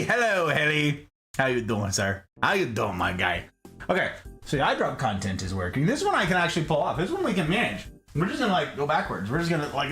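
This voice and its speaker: A man's voice: fairly high pitch, big pitch swings, a little fast, pushed and bright, faint music behind. A man hosting a casual livestream, greeting viewers by name in a playful, theatrical, sing-song way. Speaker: livestream host.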